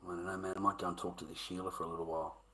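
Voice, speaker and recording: Blunt, profane Australian man with a bright voice. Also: sits low, flat delivery, racing, slight background noise, poor audio. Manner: blunt, profane, lecturing, with loud bursts. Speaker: livestreamer. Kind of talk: casual rambling livestream chat.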